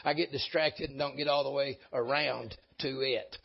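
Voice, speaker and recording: A man's voice: mid-range voice, fairly even intonation, moderate pace, vocal fry, slightly rough, muffled recording. A man preaching a folksy sermon, rising and dropping in volume for emphasis. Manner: folksy, emphatic preaching with sudden rises and drops. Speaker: pastor.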